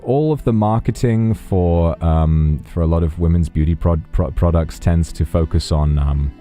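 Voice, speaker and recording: Deep-voiced man in casual stream chat. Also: warm tone. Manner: rambling, self-interrupting, wry.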